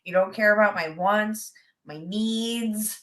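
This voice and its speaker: A woman's voice: medium pitch, slow pace, a bit bright. A woman co-hosting a podcast, teasing and swearing as she tells stories in casual chat. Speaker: podcast co-host.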